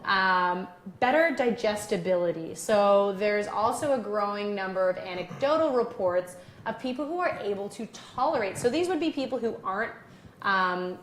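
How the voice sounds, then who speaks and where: A woman's voice: medium pitch, roomy sound, a little hiss or hum. A woman working as a naturopathic doctor co-hosts a live-streamed health debate, explaining topics and reading out viewer comments.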